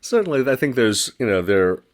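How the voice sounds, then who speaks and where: A man telling a personal ghost story in casual conversation, animated and laughing as he acts out his own reactions. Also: medium pitch, a little fast. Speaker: storyteller guest.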